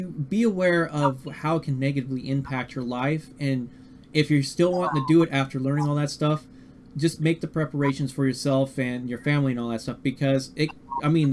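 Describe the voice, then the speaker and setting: A man's voice: fairly high pitch, a little mellow, a little hiss or hum. A man hosting a live-streamed talk show, speaking casually and often stumbling over his words. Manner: halting, repeats words and restarts. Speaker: podcast host.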